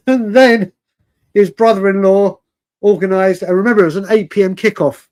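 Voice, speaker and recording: A man's voice: sits high, normal speed, a little mellow. A man hosting a live fan stream, talking casually and rambling, laughing often and calling viewers mate and brother.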